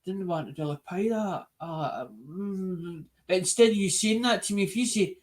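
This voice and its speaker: High-voiced rambling Scottish man. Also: moderate pace. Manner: rambling, repeats himself, earnest. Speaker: live stream host. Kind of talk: casual live stream chat.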